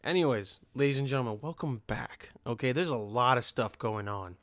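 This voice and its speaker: A man's voice: medium pitch, moderate pace, a bit bright, no room sound. A man hosting his own podcast, rambling casually in a profane, loose monologue full of fillers and restarts. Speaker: podcast host.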